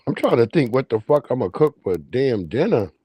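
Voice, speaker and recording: A man's voice: mid-range voice, sing-song, moderate pace, breathy edge, dry recording, muffled recording. A man hosting a livestream, swearing freely and laughing as he tells stories and greets his chat. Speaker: livestream host.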